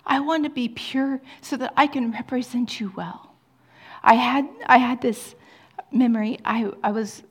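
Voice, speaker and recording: Breathy woman pastor preaching. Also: mid-range voice. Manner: drops to hushed whispers, rises to emphatic peaks. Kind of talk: sermon.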